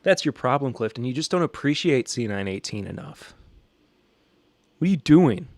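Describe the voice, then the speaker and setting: A man's voice: medium pitch, very animated, normal speed, vocal fry, darkish tone, dry recording. A man with a Southern American accent hosting a podcast, chatting casually and joking while reacting to a live chat. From Southern United States. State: a little stressed. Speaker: podcast host.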